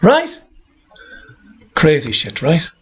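A man's voice: fairly high pitch, wildly swooping pitch, extremely slow, slight background noise. A middle-aged man hosting a talk show, ranting with sarcastic indignation. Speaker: host. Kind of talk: ranting commentary.

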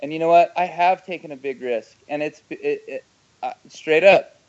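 A man's voice: a little high, normal speed. Earnest male guest on a dull line. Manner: earnest, emphatic, swings loud and soft. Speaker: interview guest. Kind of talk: interview.

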